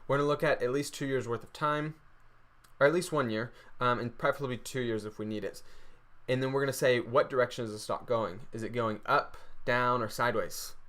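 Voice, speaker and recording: An upbeat man with a Texas accent walks through a screen-share trading tutorial. He fires off rhetorical questions and answers them himself in a mid-pitched, everyday voice. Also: fairly even intonation, a little fast, fairly bright tone. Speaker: trading course presenter.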